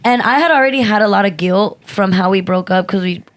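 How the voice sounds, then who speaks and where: A young woman co-hosting a podcast, telling a story in a casual, animated way, swearing a lot and acting out quotes. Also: mid-range voice, a little fast, a little hiss or hum. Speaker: podcast co-host.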